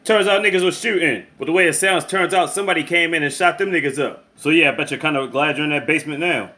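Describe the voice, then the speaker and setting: A man casually recapping a movie plot in slangy, profane, animated storytelling, acting out the characters' lines. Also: fairly high pitch. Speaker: movie reviewer.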